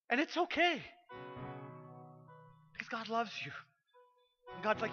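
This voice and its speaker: A man preaching a sermon as pastor, passionate and swinging from loud urgency to hushed pleading. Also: very high voice, sing-song, unhurried, pauses often, lo-fi sound, faint music behind. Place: church sanctuary.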